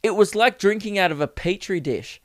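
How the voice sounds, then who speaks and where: A man's voice: sits high, expressive, moderate pace, no room sound, studio quality. Profane young man ranting. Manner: rambling, profane, self-mocking. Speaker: podcast host. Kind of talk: casual comedic monologue.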